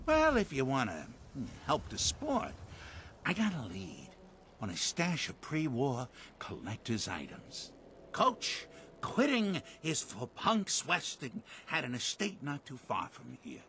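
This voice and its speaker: A man's voice: mid-range voice, wildly swooping pitch, slow, fairly bright tone, a little hiss or hum, exaggerated voice. An actor with a Boston accent voicing a boisterous, pushy male street vendor in a video game, full of hawking sales patter. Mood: boastful.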